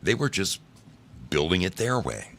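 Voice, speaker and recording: A man's voice: deep voice, very animated, a little slow, fairly bright tone, slight background noise. A middle-aged man hosting a live stream, greeting chat by name and telling laid-back, swearing work stories.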